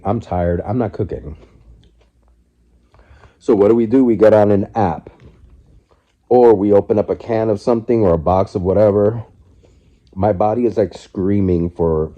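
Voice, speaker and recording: His fairly low, dark-toned voice comes through with lo-fi sound. He is a vlogger in his forties eating on his living room couch for a casual mukbang vlog shot on his phone, talking reflectively and candidly in loose restarts.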